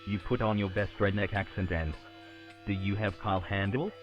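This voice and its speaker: A male text-to-speech voice reading adventure story text in a flat, even manner. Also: fairly low pitch, normal speed, highs cut off, soft background music. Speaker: game narrator voice. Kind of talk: synthetic story narration.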